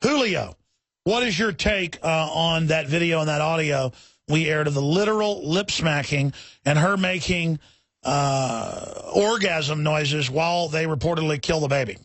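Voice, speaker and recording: Brief: male talk radio host, high voice, indignant rapid-fire ranting, dry close mic. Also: dry recording. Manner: forceful, indignant, repeats words in rapid restarts. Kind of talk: heated talk radio monologue.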